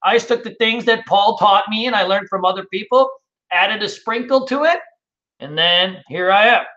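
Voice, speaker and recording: A man's voice: high voice, moderate pace, sharp tone, highs cut off. A man hosting a casual trading webinar, answering viewer questions in a loose, rambling way with many fillers.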